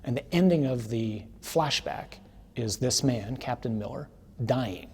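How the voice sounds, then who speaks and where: A man giving a conversational teaching sermon, telling a story with casual tag questions and building to forceful emphasis. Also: medium pitch, unhurried, breathy edge.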